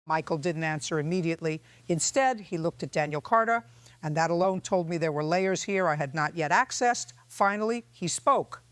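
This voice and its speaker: A woman's voice: on the low side, dry recording. A woman reads a first-person courtroom story as the judge on the bench. She paces it evenly and reflects as she goes. The sound is dry and near the mic. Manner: measured, reflective. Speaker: narrator as judge. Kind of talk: scripted narration.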